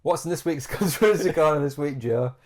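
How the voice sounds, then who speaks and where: A man co-hosting a podcast, teasing with quick questions and dry asides. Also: a little high, expressive, a little mellow. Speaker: podcast co-host. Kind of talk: casual chat.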